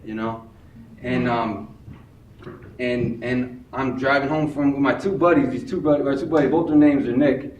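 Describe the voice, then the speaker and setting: A young man from Chicago telling a personal story on stage, animated and acting out the voices of the people in it. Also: mid-range voice, normal speed, a little hiss or hum. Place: live stage before an audience. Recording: echoey room, far from the mic, audience.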